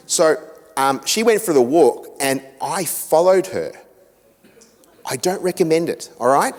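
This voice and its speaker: A middle-aged Australian man giving a seminar talk to a church group, an animated storyteller who acts out quotes with self-mocking humour. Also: medium pitch. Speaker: guest speaker on family relationships. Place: church hall. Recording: echoey hall with long reverb.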